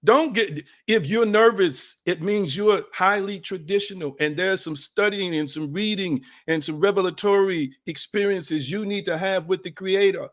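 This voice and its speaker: A man preaches a sermon conversationally and emphatically, repeating phrases and speaking straight to his listeners as "y'all." His voice is high and fairly bright, moving at a normal speed with hardly any pauses.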